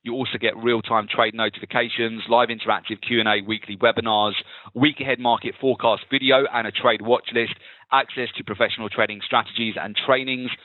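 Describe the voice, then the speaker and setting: A man hosting a live trading webinar, calmly talking viewers through market charts. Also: mid-range voice, fairly quick, dry recording. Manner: steady, explanatory, talks through charts. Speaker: webinar host and trading analyst. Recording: tinny phone-like webinar audio.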